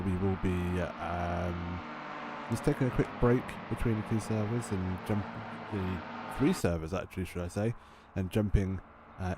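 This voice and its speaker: A man with a lowish voice commentates a sim race in a chatty, measured way. He fills pauses with little fillers as he runs through the session. Loud background noise sits under his voice.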